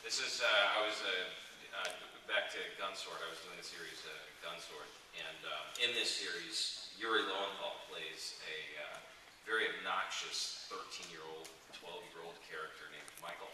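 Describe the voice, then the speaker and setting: A man's voice: low voice, steady tone, moderate pace. A man, a voice actor on a convention panel, telling a rambling studio story with many restarts and laughs. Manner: rambling and self-correcting, laughing often. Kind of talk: telling a studio anecdote to an audience. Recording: echoey hall taken from far off, audience noise.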